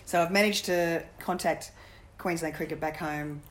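A woman's voice: sits low, steady tone. A middle-aged woman, a former cricketer, telling jokey stories in a casual interview. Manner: quick, jokey anecdotal storytelling. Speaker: guest, former cricketer and coach.

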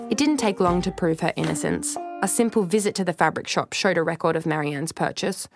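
A woman storyteller with a fairly low voice reads a children's story with lively, expressive narration. Soft music plays steadily behind her. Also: a little fast, creaky, hardly any pauses, poor audio.

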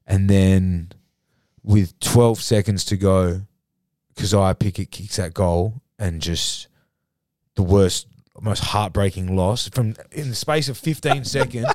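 A man's voice: sits low, takes it slowly, a little mellow, no echo. An Australian man in a casual podcast studio chat, telling a rambling, sweary story. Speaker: podcast co-host.

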